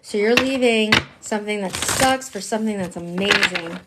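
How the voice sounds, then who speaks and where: A woman giving a live-streamed tarot reading, chatty and emphatic, dropping slang and swinging between hushed asides and excited outbursts. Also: mid-range voice, normal speed, very noisy. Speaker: tarot reader.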